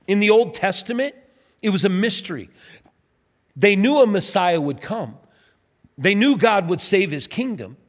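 A man preaching a sermon as pastor, emphatic, asking rhetorical questions and letting his voice drop soft at the ends of phrases. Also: high voice, big pitch swings, measured pace, long pauses. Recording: long hall reverb.

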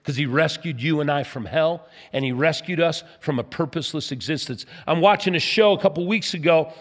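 A man preaching a sermon as pastor, emphatic, asking rhetorical questions and letting his voice drop soft at the ends of phrases. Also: a little high, a little fast. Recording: long hall reverb.

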